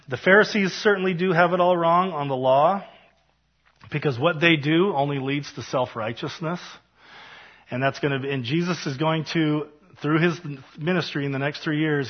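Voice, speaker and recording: An earnest man teaches a Bible study in a plain, mid-pitched voice, repeating phrases and filling pauses with "uh". His lines often trail off softly at the ends. The recording sounds dull and lo-fi. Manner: earnest, repetitive, with frequent "uh" fillers and trailing soft endings.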